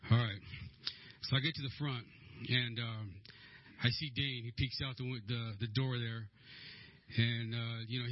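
Man, husky voice, nervous and halting, church testimony, dry dull recording. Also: medium pitch, no room sound. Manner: nervous, hesitant, many restarts. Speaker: church member giving a testimony.

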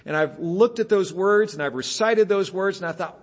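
A male pastor delivers a sermon with a slightly higher-pitched voice. He speaks emphatically and keeps putting rhetorical questions to his listeners. When he imitates dull, repeated phrases, his tone turns flat and weary. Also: moderate pace.

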